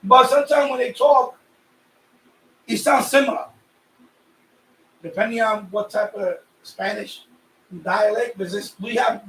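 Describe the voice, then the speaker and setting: Sweaty from the heat, a Puerto Rican man raised in New York chats casually on a radio hobby live stream, rambling and repeating himself. His voice sits high and a bit bright, with fairly even intonation, a slightly slow pace, and long pauses. The room is echoey and he sounds a bit far off.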